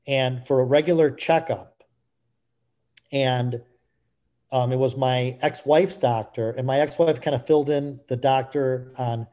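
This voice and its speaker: A middle-aged man speaking candidly as an interview guest, halting with frequent restarts. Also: mid-range voice, mellow. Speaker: guest, author.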